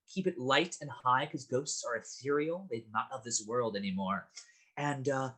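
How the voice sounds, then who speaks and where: Man, acting teacher, friendly demos, animated pitch, a little husky. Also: normal speed. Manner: friendly, demonstrative, with vocal sounds and asides. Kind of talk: online acting class.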